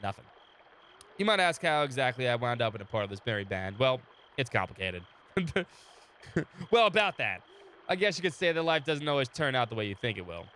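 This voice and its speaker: Sing-song and brisk with long pauses, a man's mid-range voice has a bright, forceful tone as he reads a game's story text aloud on a live stream. He chats casually, laughs often, and talks to chat between readings. He has a sore throat and is recovering from illness.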